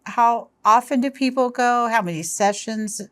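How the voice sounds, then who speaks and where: A woman with a somewhat high voice hosts a health podcast, speaking at a normal pace with no room echo. She asks her questions casually and hesitantly, using lots of filler words in this relaxed interview.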